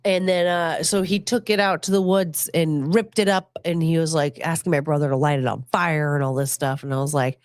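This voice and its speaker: A woman's voice: fairly even intonation, a little fast, few pauses, dry recording. A woman hosting a podcast, telling crude childhood stories in a joking way and reading chat comments. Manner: chatty, crude and joking, swings pitch a lot in quoted voices. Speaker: podcast host.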